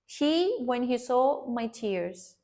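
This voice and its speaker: A woman earnestly recounting a personal story to her viewers, addressing them directly and pausing to restart her sentences. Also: on the high side, very animated, a little mellow. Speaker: vlogger sharing a personal story.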